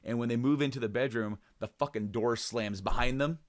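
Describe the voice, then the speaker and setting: A young man chatting casually on a podcast, his pitch sitting in an ordinary middle range. He rambles through stories with plenty of fillers and restarts, curses freely, and jumps up in pitch whenever he acts out what someone said. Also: fairly quick. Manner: acts out quoted lines in a raised voice. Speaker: podcast co-host. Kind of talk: casual chat.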